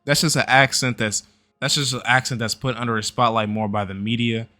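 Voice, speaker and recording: A man's voice: mid-range voice, fairly even intonation, a little fast, pushed and bright. A man hosting a reaction video, commenting in a blunt, profane rant. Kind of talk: casual commentary.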